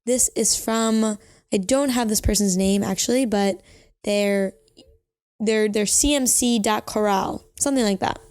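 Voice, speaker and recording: A woman's voice: mid-range voice, a little slow, darkish tone, clear, resonant tone. A young woman hosting a casual advice podcast, chatty and reflective, giving reassuring advice with frequent filler words. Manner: chatty and reflective, with frequent "you know" and self-corrections. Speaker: podcast host.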